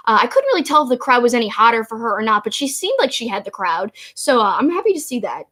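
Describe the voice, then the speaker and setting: A woman's voice: fairly high pitch, very animated, fast talker, a bit bright. Chatty woman recapping wrestling. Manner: enthusiastic, chatty, quotes promos in put-on voices. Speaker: wrestling podcast co-host. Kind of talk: casual recap chat.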